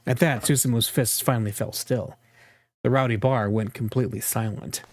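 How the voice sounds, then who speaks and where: A man reading a story game's text aloud in an even narrating voice. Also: mid-range voice, normal speed, soft background music. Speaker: let's-play narrator.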